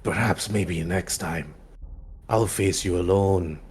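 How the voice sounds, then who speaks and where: A man doing a hushed, ruthless Sith apprentice. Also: sits low, takes it slowly, breathy edge, pitched below the performer's own voice, heavily acted. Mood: menacing.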